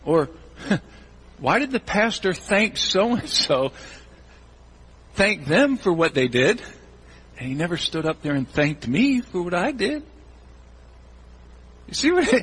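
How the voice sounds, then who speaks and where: A male pastor giving a sermon in a church, animated and acting out the voices of churchgoers in quick asides. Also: sits high, husky, low-quality recording.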